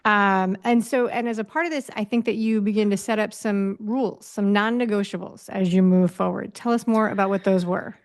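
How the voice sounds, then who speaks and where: A woman hosts a podcast interview in an easy, conversational way. Her voice sits at a medium pitch. Her questions wander and restart before she lands on them. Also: steady tone, a little fast, hardly any pauses. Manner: rambling questions with many restarts. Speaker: podcast host.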